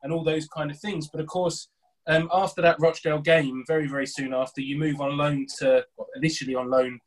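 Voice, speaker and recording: A man's voice: fairly high pitch, little pitch movement, a little fast, low-quality recording. Hesitant podcast host, man. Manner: hesitant, restarts his questions. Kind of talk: interview questions.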